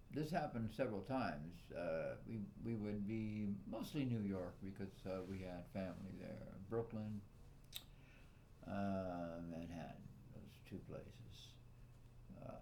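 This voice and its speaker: A man's voice: deep voice, vocal fry, darkish tone, a little hiss or hum. A man from Puerto Rico with a Puerto Rican accent, talking in a meandering personal monologue full of "uh"s and "you know"s, chuckling often. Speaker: vlogger.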